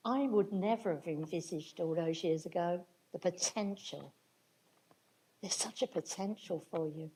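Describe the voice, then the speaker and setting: A woman's voice: fairly low pitch, measured pace, mellow, poor audio. An older woman speaking earnestly at a public talk, stressing key words and backing up her partner. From Britain. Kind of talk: conversational talk to an audience.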